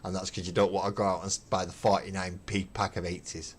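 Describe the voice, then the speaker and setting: A man's voice: low-pitched, flat delivery, fast talker, a little hiss or hum. A middle-aged man chatting casually on a painting livestream, emphatic and opinionated, swearing as he rants. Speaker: hobby livestream host. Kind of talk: casual chat while painting.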